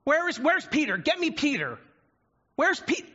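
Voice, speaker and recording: A man's voice: very animated, normal speed, heavily acted. A man voicing God as a grieving father desperately searching for his lost son, in a dull lo-fi recording. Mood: frantic. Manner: shouting, pleading, high-pitched and distraught.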